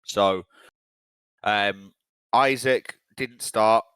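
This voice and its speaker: A young man talks football in a loose, rambling, sweary way. His voice sits low. It is recorded dry and close, with no room sound. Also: very slow, pushed and bright, smooth, no echo. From England. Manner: blunt, sweary, rambling fan talk. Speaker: podcast co-host. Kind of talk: casual football chat.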